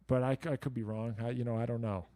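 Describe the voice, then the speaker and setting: A man's voice: mid-range voice, fairly even intonation, fast talker, mellow, dry recording, studio quality. A man hosting a casual livestream Q&A, answering viewer questions in a rambling, self-deprecating way, full of likes and you-knows and blunt, profane asides.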